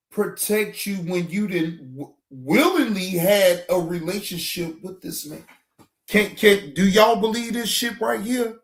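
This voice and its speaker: A man hosting a reaction show, talking in a loud, profane, exclamatory way, often stammering and restarting. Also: high voice, animated, unhurried. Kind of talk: casual reaction commentary.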